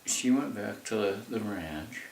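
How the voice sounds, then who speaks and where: An older man tells family history in a rambling, folksy manner full of asides, his lowish voice expressive, a little slow, slightly mellow and edged with vocal fry. He's recorded in an echoey room with the mic far off and some slight background noise.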